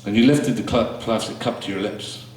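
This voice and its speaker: A man with a low voice reads his spoken word poetry to a small audience. His delivery is slow and halting between pieces, full of small fillers and restarts. He sits some way from the mic, and the small room rings with a strong echo. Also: darkish tone, a little hiss or hum. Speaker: poet performing his work. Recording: echoey room, mic far off.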